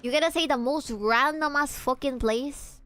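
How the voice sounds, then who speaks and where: A woman's voice: high-pitched, moderate pace, bright, forceful tone, no room sound, soft background music. A young woman from Peru, streaming a game and joking and teasing with her chat, swearing casually. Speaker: VTuber streamer.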